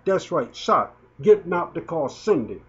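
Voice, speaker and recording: A man in his fifties, a video blogger, delivers emotional commentary at a measured pace, his fairly high voice very animated. He sounds indignant and stumbles as he repeats his words, and the recording is dull and lo-fi.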